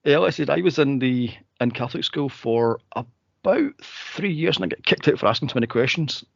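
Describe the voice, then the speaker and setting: A man co-hosting a podcast in casual chat, animated and laughing often, jumping into high squeals to act out scenes. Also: a little fast, gravelly, no room sound. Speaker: podcast co-host. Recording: dull lo-fi dry sound.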